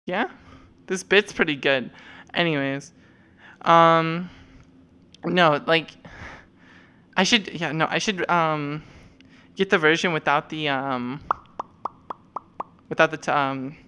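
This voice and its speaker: A young woman chatting casually on stream and wandering between thoughts with plenty of fillers and swearing. Her voice sits low for a woman and sounds smooth and clean. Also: takes it slowly, pauses often, bright, forceful tone. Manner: rambling, lots of fillers and profanity. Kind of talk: casual chat while showing avatars.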